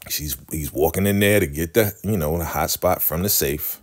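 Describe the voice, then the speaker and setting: A man's voice: sits low, normal speed. A man casually recapping a TV episode, animatedly acting out the characters' lines. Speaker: TV recap vlogger.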